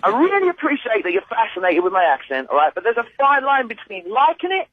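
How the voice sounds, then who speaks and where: A man's voice: very high voice, huge pitch swings, fast. Irritated British man on a muffled phone line. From Britain. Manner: irritated, swearing, sarcastic. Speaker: prank call target.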